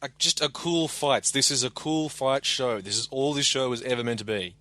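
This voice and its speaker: A man co-hosting a podcast gives blunt, casual criticism of a show, often stammering through restarts. His voice is bright and forceful, recorded dry and close. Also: mid-range voice, normal speed, no room sound. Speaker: podcast co-host. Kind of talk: casual show review chat.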